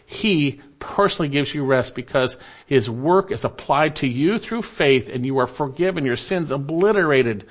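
Earnest male preacher, soft phrase ends. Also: on the high side. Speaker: pastor. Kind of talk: sermon.

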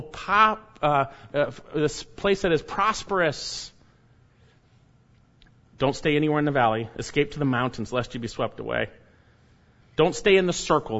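On a dull, lo-fi recording, a man with a fairly high voice delivers an emphatic sermon. He alternates between loud exhortation and quiet, hushed warnings.

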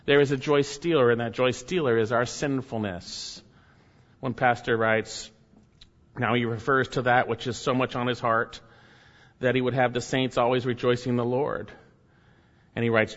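A man's voice: mid-range voice, fairly bright tone. A man preaching a sermon as a pastor, emphatic, with many repeated phrases. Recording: muffled sound with long hall reverb.

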